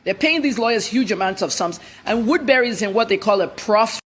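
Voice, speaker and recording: A woman's voice: on the high side, lively intonation, fairly quick, a little hiss or hum. A middle-aged woman journalist answering interview questions bluntly and emphatically, jumping from point to point. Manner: blunt, emphatic, jumps between topics.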